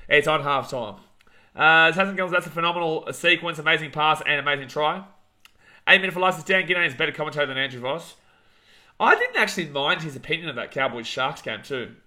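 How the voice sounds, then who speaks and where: This young Australian man hosts a live rugby league watch-along, calling the action, reading chat and ranting. He is a fast talker with a slightly high voice, excitable and shouting at big plays.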